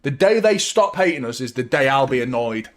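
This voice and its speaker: A young adult man hosts a football watchalong over casual live-stream chat, speaking in a medium-pitched, lively, brisk voice. He rambles, swears freely, reads viewer comments aloud, and sounds drained.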